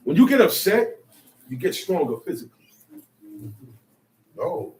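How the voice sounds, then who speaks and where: A man leading a bible study, emphatic and animated, acting out quotes and sometimes shouting. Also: sits high, a little slow. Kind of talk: animated spoken teaching. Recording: echoey room, mic far off, faint noise.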